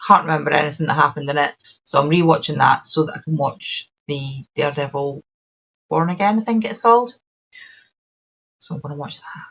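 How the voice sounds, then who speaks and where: Over poor audio, a Scottish woman hosts a podcast in a low-pitched, fairly quick voice with a fairly bright tone. Her talk is casual and rambling, full of ums and false starts.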